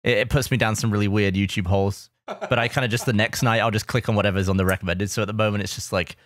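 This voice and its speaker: A man's voice: fairly low pitch, fairly even intonation, fast. A man co-hosting a podcast, chatting casually and laughing through his words in an offhand way. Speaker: podcast co-host.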